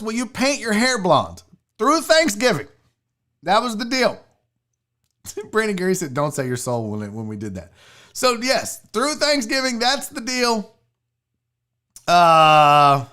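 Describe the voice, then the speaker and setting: Rambling, lively-pitched male show host. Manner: rambling, profane, jokey; fiddles with screen sharing as he talks. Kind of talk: casual livestream chat.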